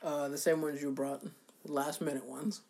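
A young podcast co-host who keeps his answers short and dry. His voice sits mid-range and he sounds low-key next to his louder partner. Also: little pitch movement, moderate pace. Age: young adult. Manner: dry, understated replies. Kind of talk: casual chat. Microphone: phone.

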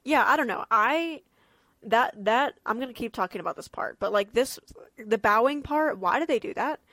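A nineteen-year-old woman with a slightly high voice chats about a book, packing her talk with "like" and "I don't know." She sounds sarcastic and incredulous. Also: expressive, moderate pace, sharp tone, no room sound. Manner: filler-heavy, sarcastic, incredulous. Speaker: book discussion co-host. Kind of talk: casual book chat.

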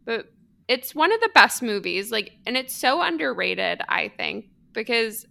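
A woman's voice: fairly high pitch, animated, a little slow, gravelly, sharp tone. A woman in her thirties co-hosting a podcast, chatting casually and gushing with lots of "like" and giggles. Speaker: podcast co-host. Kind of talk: casual chat.

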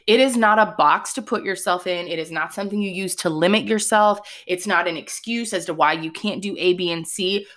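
A woman hosts her own podcast alone and speaks straight to her listeners. She is chatty and excitable, and she keeps checking in with quick "okay?" asides between her points. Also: on the low side. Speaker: podcast host. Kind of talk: casual solo podcast talk.

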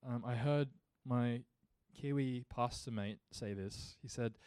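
A man's voice: mid-range voice, slow pace, a little mellow, clear, resonant tone, dry recording. A male pastor preaching a sermon earnestly, building to emphatic rhetorical questions.

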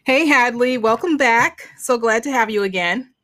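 A woman's voice: on the high side, normal speed, fairly bright tone. A woman hosting a podcast, chatting casually and telling stories animatedly with many fillers. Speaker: podcast host. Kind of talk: casual interview chat.

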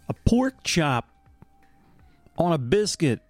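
A man casually reviewing food in a home vlog, enthusiastic and animated. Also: mid-range voice, takes it slowly, pauses often, husky, no echo, soft background music. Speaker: vlogger. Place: bedroom at home.

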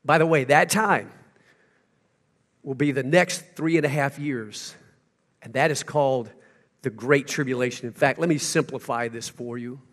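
A man preaching a sermon to his congregation. He tells a story and then swings from hushed, slow passages to loud, emphatic ones. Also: mid-range voice. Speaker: pastor.

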